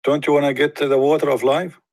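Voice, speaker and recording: Man hosting a call-in debate, mocking and emphatic, pitched a bit high, dry sound. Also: level tone, fast, darkish tone, dry recording. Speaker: online debate host. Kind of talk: live call-in debate talk.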